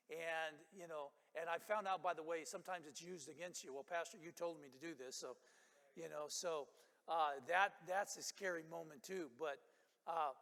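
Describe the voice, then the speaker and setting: An older man preaching a sermon as pastor, telling a story and acting out the people in it with animated quotes. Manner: animated, acts out quotes with rising pitch. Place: church sanctuary. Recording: long hall reverb.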